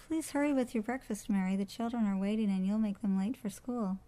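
A woman's voice: medium pitch, a little fast, dark tone, natural voice, poor audio. A woman reading a storybook aloud, voicing a proper, worried mother who scolds in a prim way.

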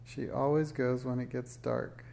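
A man's voice: medium pitch, flat delivery, unhurried, vocal fry, warm tone, a little hiss or hum. A man voicing a shy, lonely young witch girl in a storybook reading. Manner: shy, unhappy, sometimes proud.

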